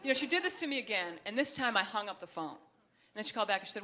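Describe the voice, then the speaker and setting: A young woman doing a stand-up comedy set, talking in a wry, chatty way and breaking into high, shrill voices for the people she acts out. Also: lively intonation, racing, sharp tone. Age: young adult. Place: comedy stage before a live audience. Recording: live club set with audience laughter.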